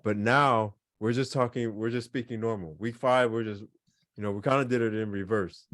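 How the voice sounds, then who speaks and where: A man's voice: lowish voice, steady tone, normal speed, a bit bright, dry recording. Casual male language teacher, dry sound. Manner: casual, repetitive, explains with examples and fillers. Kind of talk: online class lesson.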